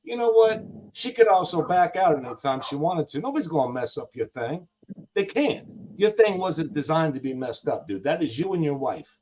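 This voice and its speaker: Older man with grandkids, guest on a talk stream. Emphatic, slangy, lively pitch. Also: moderate pace. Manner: heated, emphatic, slangy, repeats lines for effect. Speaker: guest on a live gig-driver talk show. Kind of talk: casual live-stream chat.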